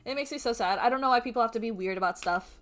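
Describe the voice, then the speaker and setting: A young adult woman streamer chatting casually while drawing, animated and profane, often laughing. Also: fairly high pitch, very fast. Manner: animated, swearing, laughing, quoting people in mock voices.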